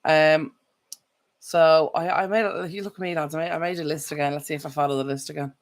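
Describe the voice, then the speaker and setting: A woman's voice: sits low, steady tone, brisk. A woman chatting casually on a live stream, rambling and correcting herself as she goes. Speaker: vlogger.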